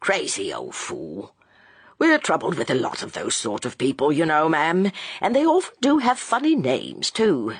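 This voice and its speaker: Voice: medium pitch, huge pitch swings, moderate pace, husky, no room sound, exaggerated voice. An audiobook reader voicing a kindly, plain-spoken police inspector who talks in a colloquial way. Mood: confiding. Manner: colloquial, good-natured.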